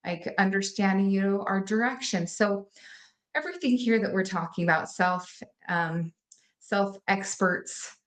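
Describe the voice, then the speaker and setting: A woman co-hosting a podcast, giving a reflective spiritual talk in a hesitant way full of fillers. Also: mid-range voice. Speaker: podcast co-host.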